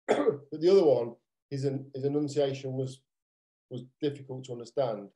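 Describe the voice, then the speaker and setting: A man's voice: medium pitch, moderate pace, dark tone, low-quality recording. A British man co-hosting a podcast, chatting casually and rambling with lots of restarts. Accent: British English. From Britain. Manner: rambling, frequent restarts and fillers. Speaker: podcast co-host. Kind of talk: casual chat.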